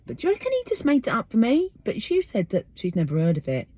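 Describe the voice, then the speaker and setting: A woman's voice: a little high, huge pitch swings, fast talker, warm tone, husky, no room sound. An English woman hosting her podcast outdoors, chatting emphatically and firing off rhetorical questions. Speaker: podcast host. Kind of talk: casual monologue.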